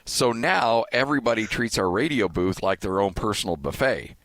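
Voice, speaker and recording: A man hosting a sports podcast who tells stories animatedly in casual chat and jumps up loud when he acts out quotes. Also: lowish voice, lively intonation, moderate pace, dry recording. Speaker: sports radio broadcaster and podcast host.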